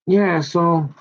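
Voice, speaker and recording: A man's voice: fairly high pitch, lo-fi sound. A man doing a rambling, self-mocking comic monologue. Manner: rambling, self-mocking, slips into put-on voices. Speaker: comedian.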